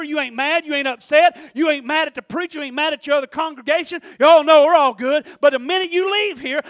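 A preacher man delivering a sermon in a strikingly high voice, swinging from hushed asides to full shouts as he acts out his own prayers. The sound is close and dry, with no room around it. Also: no echo.

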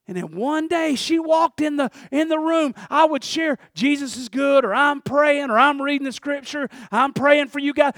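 A middle-aged man preaching a sermon and telling a personal story in a folksy way, swinging from hushed to loud. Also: very high-pitched, moderate pace, hardly any pauses, no room sound, studio quality. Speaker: pastor. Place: church sanctuary.

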